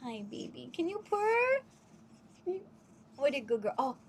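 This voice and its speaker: A woman's voice: high-pitched, big pitch swings, measured pace, a little hiss or hum. A woman streaming live from home on a wireless mic, chatting casually and giggling as she coos baby talk to her cat.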